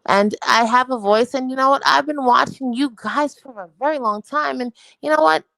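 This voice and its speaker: A woman's voice: high voice, normal speed, vocal fry, fairly bright tone, no echo, rough recording. A young woman from New York with a New York accent, talking brashly and profanely in rambling casual livestream chat. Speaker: livestream guest.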